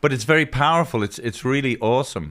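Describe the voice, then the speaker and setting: A man's voice: mid-range voice, expressive, very fast, a bit bright. An older man hosting a comedy podcast, chatting casually, bantering, laughing a lot and swearing freely. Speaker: podcast host.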